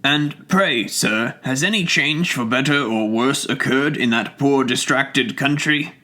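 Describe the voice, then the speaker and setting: Storybook part: a man doing a cautious, loyal old English gentleman, formal and quietly astonished, medium pitch. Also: unhurried. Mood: anxious. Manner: earnest, formal, faintly astonished. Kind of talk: audiobook character reading.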